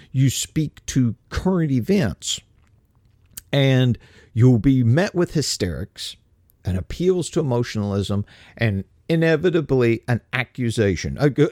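An older man hosting a talk radio monologue, speaking deliberately and slowing down to stress his points. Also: mid-range voice, a little mellow, dry recording, studio quality. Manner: deliberate, slows for emphasis. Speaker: radio host.

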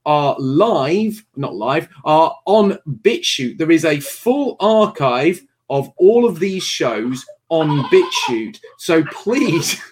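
A man's voice: on the high side, lively intonation, takes it slowly, few pauses, a little hiss or hum. A man hosting a livestream show, making earnest announcements and chuckling now and then.

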